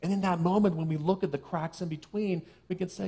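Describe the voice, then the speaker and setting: A man preaching a sermon to a congregation in a conversational way, with playful asides, who slows and softens for key phrases. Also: high voice, steady tone, creaky, husky. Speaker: minister. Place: church sanctuary.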